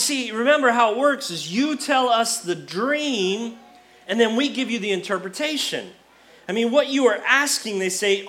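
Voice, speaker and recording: A man preaching a sermon as pastor, retelling a story with lively acted-out dialogue. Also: high-pitched. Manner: animated storyteller, acts out quoted characters.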